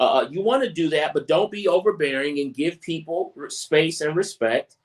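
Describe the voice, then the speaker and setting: A man's voice: fairly high pitch, moderate pace. Chatty male podcast host giving advice. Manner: conversational, repeats phrases, many restarts; acts out quoted family chatter in brighter voice. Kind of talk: casual advice talk.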